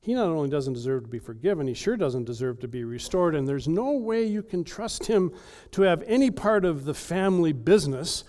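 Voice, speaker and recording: A man's voice: lively intonation, brisk, a little mellow, big-room sound, natural voice. A male preacher voicing a resentful older brother who complains with rising indignation. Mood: resentful, indignant. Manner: indignant, rising to high-pitched outrage.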